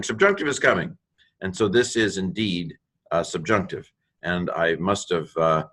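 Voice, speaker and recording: A man's voice: fairly low pitch, a bit bright. A man teaching a recorded lesson on Greek grammar over slides, thinking aloud, correcting himself and making playful asides.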